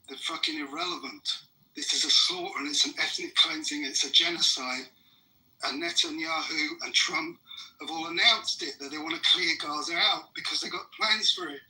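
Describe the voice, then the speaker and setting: A man's voice: fairly high pitch, lively intonation, moderate pace, sharp tone, poor audio. Furious man ranting profanely. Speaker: debate participant. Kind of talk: heated live debate.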